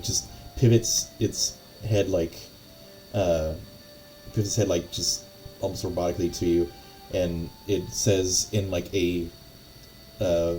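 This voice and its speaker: A man's voice: low voice, mellow, poor audio. A man narrating as game master of a tabletop game, rambling with lots of fillers and restarts.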